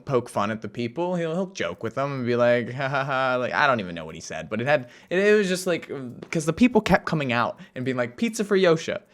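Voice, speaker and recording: A man's voice: mid-range voice, a bit bright. A young man from the United States telling a story in a casual, rambling way, with many fillers and restarts and a self-amused tone. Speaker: vlogger.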